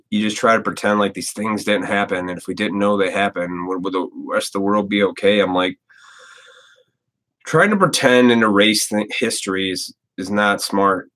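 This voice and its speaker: A blunt man in his thirties rants on his live stream with a somewhat low voice. He swears freely and rambles from thought to thought. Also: a bit bright. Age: 30s. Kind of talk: casual ranting monologue.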